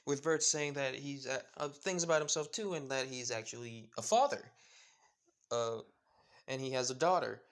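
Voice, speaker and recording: A man's voice: mid-range voice, normal speed. A man casually narrating a fan story in a rambling way, full of fillers and apologetic asides.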